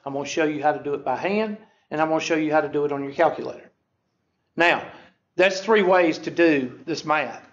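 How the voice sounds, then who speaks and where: A man's voice: on the high side, fairly quick. Folksy male teacher, lo-fi classroom audio. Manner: folksy, self-deprecating, frequent "okay?" check-ins. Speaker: statistics teacher. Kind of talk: classroom lecture. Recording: dull lo-fi lecture recording.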